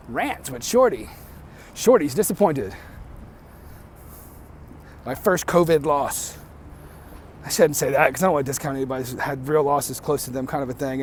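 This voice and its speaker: A man's voice: mid-range voice, slight background noise. A man giving an angry, profane rant to camera for his vlog, often repeating and restarting himself. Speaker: vlogger.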